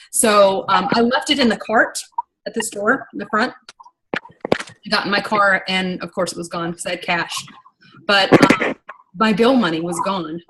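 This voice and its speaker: A young adult woman leading a business team meeting in a casual, animated, rambling way, getting worked up and talking fast when excited. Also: mid-range voice, noisy background. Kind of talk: casual motivational training talk.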